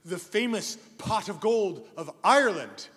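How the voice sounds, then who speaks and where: High snippy man in a stage sketch. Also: lively intonation, measured pace, a bit bright, slightly rough. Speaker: sketch performer as Themer. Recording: live stage mic in a hall.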